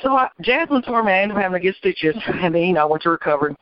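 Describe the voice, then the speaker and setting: A woman attorney from Michigan telling her life story as an interview guest, animated and acting out the people she quotes. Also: fairly low pitch, rapid-fire. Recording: dull, dry lo-fi recording.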